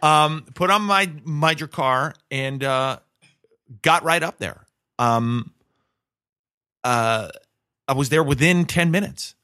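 A man's voice: fairly high pitch, slow pace, pauses often, pushed and bright, smooth. A middle-aged man hosting a podcast, telling a story in casual chat with lots of restarts and self-mocking asides. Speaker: podcast host.

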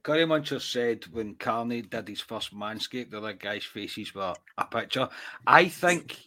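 A man's voice: mid-range voice, lively intonation, moderate pace, sharp tone. A Scottish man hosting a live podcast, chatty and teasing his co-hosts between bursts of laughter. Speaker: podcast host. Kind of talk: casual chat.

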